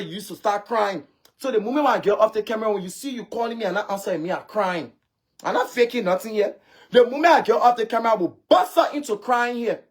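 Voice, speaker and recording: A livestream host with a Liberian English accent, ranting defiantly in a confrontational, repetitive way into a phone camera. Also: mid-range voice.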